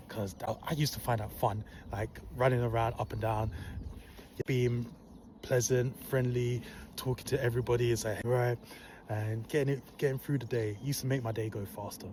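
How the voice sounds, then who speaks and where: A man telling a personal story in a casual, soft and humble tone, calm and unhurried. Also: medium pitch, slight background noise. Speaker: vlogger recounting a work story.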